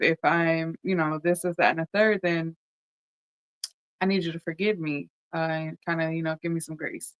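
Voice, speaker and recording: A podcast host in a heartfelt solo talk, speaking openly and directly to the audience and often asking "right?" between thoughts. The voice is smooth and resonant. The recording is close and dry, with no room sound. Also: medium pitch, fairly bright tone, no room sound, low-quality recording. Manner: candid, talks straight to listeners, often checks in with "right?"; pauses with frequent ums. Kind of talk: casual heartfelt podcast monologue.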